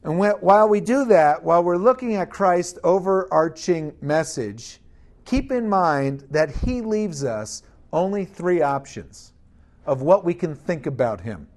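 A man's voice: high-pitched, expressive, measured pace, darkish tone. A man preaching a sermon, emphatic, asking the congregation rhetorical questions.

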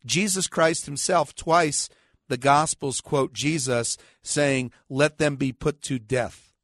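Combative pastor, a man with a higher voice. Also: fairly bright tone, dry recording, studio quality. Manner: combative, sarcastic, fires rhetorical questions; slows down and stresses scripture quotes. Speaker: pastor and radio show host. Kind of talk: argumentative radio preaching.

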